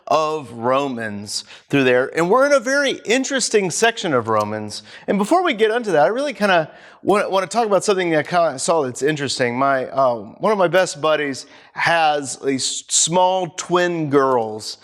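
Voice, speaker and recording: A man with a notably high voice delivers a sermon in an easygoing, conversational way. He talks loosely, with fillers, restarts and a friendly chatty flow. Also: big pitch swings, moderate pace, hardly any pauses, a bit bright. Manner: chatty and loose, many fillers and restarts, playful baby-talk asides. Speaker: pastor.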